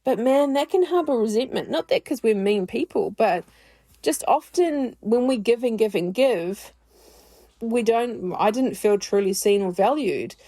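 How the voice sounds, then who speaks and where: A woman's voice: fairly high pitch, lively intonation, unhurried, mellow. A woman hosting a podcast, talking candidly and chattily in a personal monologue, often poking fun at herself. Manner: candid, chatty, self-deprecating. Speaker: podcast host.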